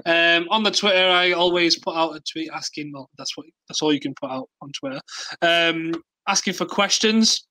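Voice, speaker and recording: A man's voice: a little high, normal speed, bright, forceful tone, low-quality recording. A man hosting a casual football podcast, dry and self-deprecating, reading out listener questions. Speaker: podcast host.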